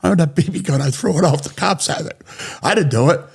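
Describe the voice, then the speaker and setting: A man telling a story in a blunt, profane, animated way as an interview guest. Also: a little high, quick pace, vocal fry, breathy edge. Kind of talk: casual storytelling.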